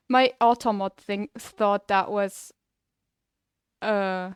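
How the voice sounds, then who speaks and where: A woman's voice: mid-range voice, fairly even intonation, drawn-out words, clear, resonant tone, dry recording, studio quality. A young adult woman with a German-sounding non-native English accent, chatting casually with her stream viewers in a rambling way that is full of restarts. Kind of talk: casual live-stream chat.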